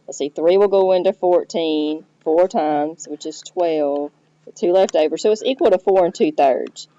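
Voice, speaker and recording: In a dull, lo-fi recorded math lesson, a woman teacher with a lowish, mellow voice explains the steps at normal speed, checking in with the listener along the way.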